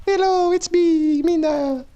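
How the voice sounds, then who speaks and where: Man doing a falsetto young Englishwoman, squeaky, very high, cheeky, bouncy, crude slang, drawn-out delivery, comic voice. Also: steady tone, warm tone, lo-fi sound. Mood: giddy. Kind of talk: comic voice for a live reading.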